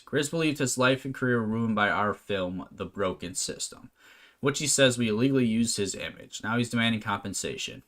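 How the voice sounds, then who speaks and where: A man's voice: fairly low pitch, expressive, a little fast, a bit bright. A man casually commenting on a management game, reading its text aloud with wry asides. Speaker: gameplay commentator. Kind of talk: let's play commentary. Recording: faint noise and clicks.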